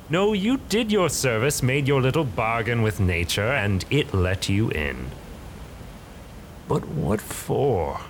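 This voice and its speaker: A man's voice: on the low side, slight background noise. Man putting on a purring sly spirit merchant. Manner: silky, purring, mock-polite.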